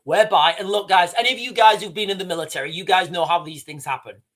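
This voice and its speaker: A man's voice: high-pitched, fast, fairly bright tone. A man hosting a livestream, talking viewers through speculative scenarios in a rambling, casual way. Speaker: livestream host.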